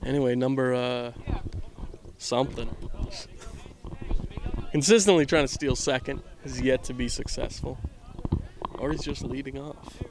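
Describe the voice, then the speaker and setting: A man with a gravelly, mid-pitched voice calls a baseball game from an outdoor field on a handheld mic. His commentary is loose and jokey, and he pokes fun at himself. He sometimes drops to a near-hush. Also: measured pace, long pauses, background noise. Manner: self-deprecating, rambling, drops to a hush at times. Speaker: play-by-play commentator. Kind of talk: casual joking sports commentary. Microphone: handheld microphone with earbuds.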